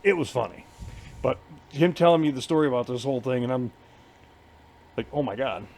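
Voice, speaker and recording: A man's voice: mid-range voice, brisk, vocal fry, darkish tone. A man co-hosting a casual podcast, telling a long story in a rambling, profane way and laughing as he goes. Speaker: podcast co-host. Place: bar.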